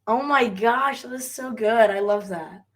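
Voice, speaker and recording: Unhurried woman podcast co-host. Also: fairly high pitch. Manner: easygoing, frequent laughs and short agreements. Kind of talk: casual chat.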